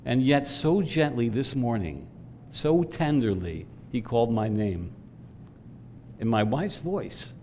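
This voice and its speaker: A man's voice: mid-range voice, very animated, takes it slowly, warm tone, slight background noise. A middle-aged man preaching a sermon as pastor, earnest, rising in emphasis when he puts questions to the congregation. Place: church sanctuary. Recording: long reverb from a church hall.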